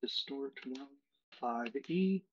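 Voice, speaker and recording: A man's voice: medium pitch, lively intonation, takes it slowly, muffled recording. A man running a tabletop game as game master, explaining the setting with many fillers.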